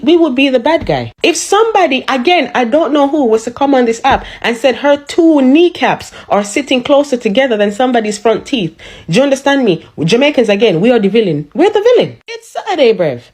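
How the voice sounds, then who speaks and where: A woman rants in a sassy, sarcastic social-media style, roasting people one line after another. Her voice sits a little higher than most women's. She talks into her phone. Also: a little mellow. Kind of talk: casual mocking rant.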